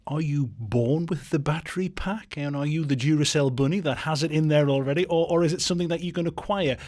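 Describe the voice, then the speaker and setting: A man hosting a business podcast, asking questions in a chatty, animated way and reading sponsor breaks. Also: a little high, fairly quick. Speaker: podcast host.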